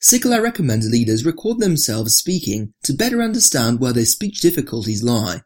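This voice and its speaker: Husky, lively narrator reading aloud. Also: fairly quick. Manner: reads with marked rises and drops, lower for attributions. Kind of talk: scripted narration.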